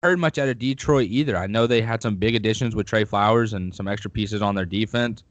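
A man co-hosting a casual sports podcast, talking through football in a measured, explanatory way. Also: on the low side, dry recording. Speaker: podcast co-host.

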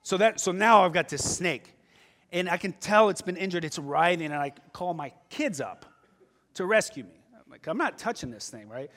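A middle-aged man preaching a sermon, telling stories animatedly and swinging from loud outbursts to hushed asides. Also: sits high, normal speed. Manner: animated storytelling with sudden shifts from loud to hushed. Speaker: pastor. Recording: long hall reverb.

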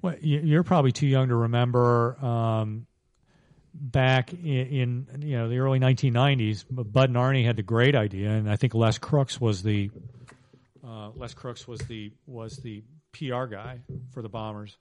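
A man talks through his memories in a relaxed podcast interview, circling back with fillers and restarts. His voice sits at an ordinary male pitch, and the sound is dry and close with no room echo. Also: moderate pace. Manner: rambling, many restarts and fillers. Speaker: author guest. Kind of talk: casual interview talk. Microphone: podcast microphone.

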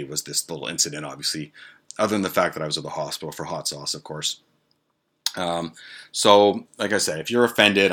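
Low-voiced man telling a story, forceful. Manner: profane, rambling asides. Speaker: podcast host. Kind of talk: casual storytelling monologue.

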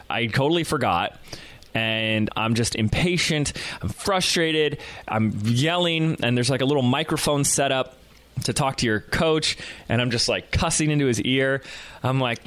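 A man hosting a podcast, telling a story in a rambling, animated way with lots of fillers. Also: medium pitch, moderate pace, dry recording. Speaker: podcast host. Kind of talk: casual storytelling monologue.

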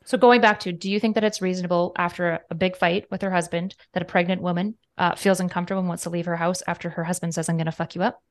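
A woman's voice: on the low side, steady tone, quick pace, few pauses. A woman in a heated online debate, probing her opponents with direct questions over a video call.

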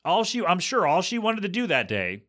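A man on a podcast telling a rambling anecdote in a casual, animated way, acting out the people in it as he goes. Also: high voice, a little fast. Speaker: podcast co-host. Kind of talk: casual storytelling chat.

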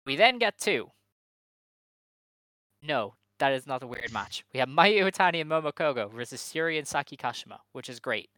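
A man co-hosting a podcast talks through the week in loose, wry, rambling chat, stopping often on fillers. His voice is bright and smooth, and the sound is dry and close. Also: medium pitch, expressive, fairly quick, no echo, low-quality recording. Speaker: podcast co-host.

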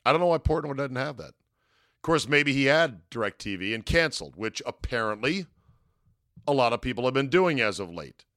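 A man's voice: medium pitch, expressive, moderate pace, a bit bright, dry recording, clean studio sound. A man hosting a sports talk podcast, giving a casual monologue with wry, sarcastic asides from a hotel room.

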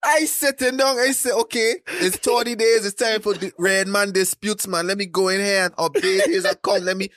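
A man casually telling stories about fixing credit, acting out phone calls with excited, animated voices. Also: high-pitched, normal speed, few pauses, no echo, clean studio sound. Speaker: credit repair entrepreneur, podcast guest. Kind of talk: casual storytelling chat.

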